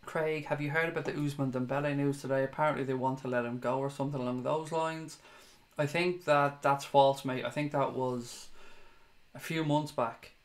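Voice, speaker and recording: Host, young man, casual chat, mid-pitched, swears freely. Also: steady tone, normal speed. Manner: chatty, swears casually, laughs at himself. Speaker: fan show host reading viewer comments.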